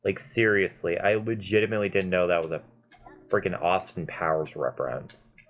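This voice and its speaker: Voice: low-pitched, steady tone, normal speed. A gamer in their mid twenties giving chatty, self-mocking gameplay commentary and swearing freely. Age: mid 20s. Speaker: gaming video host.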